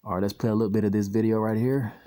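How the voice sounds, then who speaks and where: A man with a very low, mellow voice teaches a casual Bible lesson. He rambles and poses rhetorical questions to his listeners before answering them himself. His delivery is loose and unscripted. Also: steady tone, very fast, a little hiss or hum. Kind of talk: informal scripture lesson over video clips.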